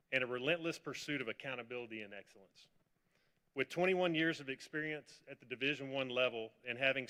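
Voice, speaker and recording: A man giving a formal introduction at a press conference, speaking in a measured way. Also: medium pitch, bright, forceful tone, in a large hall. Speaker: athletic director. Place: large hall at a press conference.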